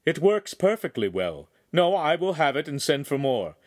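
A man playing a haughty young nobleman, raised pitch. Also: very animated, normal speed. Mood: angry commanding. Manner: imperious, raises his voice. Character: arrogant young male noble, haughty and threatening.

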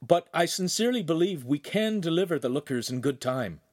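Guy reading as an eager young hero, earnest and clever, bit higher voice, storybook feel. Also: expressive, fairly quick, darkish tone. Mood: resolute. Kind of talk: audiobook character voice.

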